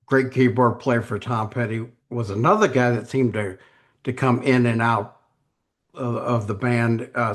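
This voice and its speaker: A man hosting a podcast, asking questions in a relaxed, casual way. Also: mid-range voice. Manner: relaxed, short reactions and laughs. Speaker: podcast host. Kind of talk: casual interview.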